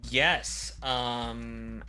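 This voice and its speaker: A man's voice: mid-range voice, fairly even intonation, extremely slow, pushed and bright. A man running a live tabletop game as game master, friendly and talking in loose bursts.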